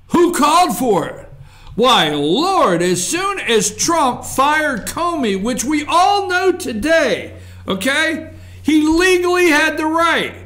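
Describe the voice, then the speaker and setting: High-pitched ranting man, slow and bright. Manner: sarcastic, ranting, mocking voices. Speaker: political commentary show host. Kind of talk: animated political commentary.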